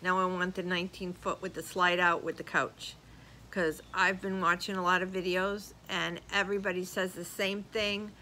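An older woman vlogger chatting casually as she reads viewer comments aloud, animated and laughing often. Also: lowish voice, normal speed, a little hiss or hum, rough recording. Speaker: YouTube vlogger. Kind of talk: casual chat reading comments.

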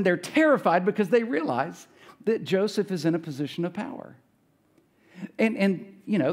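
A male pastor preaching a casual, conversational sermon, retelling scripture with folksy asides and quick self-corrections. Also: high voice. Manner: retells scripture casually, acts out characters' lines.

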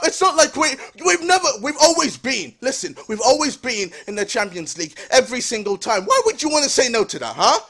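High-voiced man ranting. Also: sing-song, a little fast, hardly any pauses, fairly bright tone. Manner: exasperated, repetitive ranting with slang. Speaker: gaming YouTuber. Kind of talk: ranting gaming commentary.

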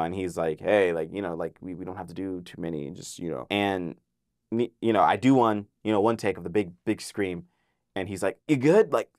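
Excitable young man, low voice, dry mic. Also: no echo. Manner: excitable, heavy use of filler "like", acts out quoted voices. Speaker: voice actor guest. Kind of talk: casual interview storytelling.

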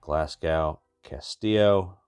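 A man's voice: extremely low pitch, slow, darkish tone, smooth, dry recording, soft background music. A man hosting a card-opening channel, giving wry, chatty running commentary as he opens packs. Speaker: card-breaking channel host. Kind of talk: casual pack-opening commentary.

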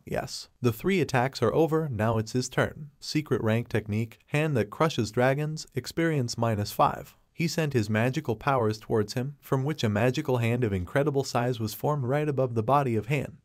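A man's voice: mid-range voice, brisk, few pauses, no echo. A man narrating a comic recap, dry close sound. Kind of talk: scripted narration.

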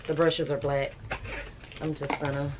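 A woman's voice: low voice, little pitch movement, a little slow, very noisy. A woman, chatting bluntly and casually to her viewers in a vlog, with laughing asides. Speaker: vlogger.

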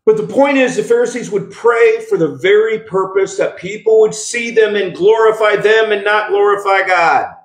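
A man's voice: high voice, moderate pace, few pauses. A male pastor preaching a sermon, emphatic, with call-and-response asides and frequent restarts. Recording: echoey room.

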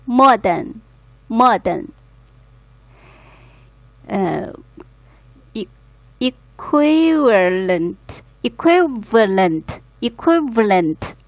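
Very slow woman student repeating words. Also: on the high side, big pitch swings, no echo. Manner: careful, repeats each word. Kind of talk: pronunciation drill. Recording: muffled online call audio.

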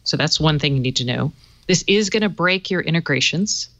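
A woman with a lowish voice chats as a tech co-host, explaining smart home gadgets with plenty of fillers. The recording is dry and close but slightly dull and lo-fi. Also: animated, brisk, a bit bright, dry recording. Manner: chatty, explains with many fillers. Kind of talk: casual tech chat.

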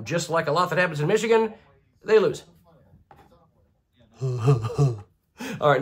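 A host doing deadpan, absurd jokes while flipping a coin for picks in a comedy vlog. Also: mid-range voice, slightly rough. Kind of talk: comedic coin-flip bracket picking vlog.

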